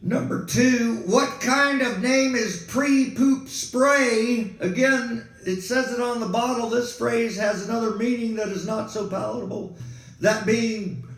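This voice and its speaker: A man's voice: extremely high pitch, steady tone, unhurried, creaky, hardly any pauses, fairly bright tone. A man hosting a rambling comic monologue as a weatherman, full of sarcastic, digressive rants. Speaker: comedic weatherman host. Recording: echoey room.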